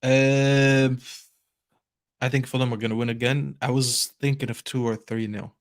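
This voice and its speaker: A man's voice: mid-range voice, flat delivery, a little slow, no echo. Easygoing man, dry close sound. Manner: easygoing, thinks aloud. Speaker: co-host, streamer. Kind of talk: casual football chat.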